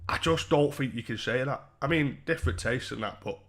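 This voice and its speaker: A livestream host sits indoors under a bright light, reacting to donations with blunt, sweary, laddish banter. His mid-range voice is brisk and a bit bright.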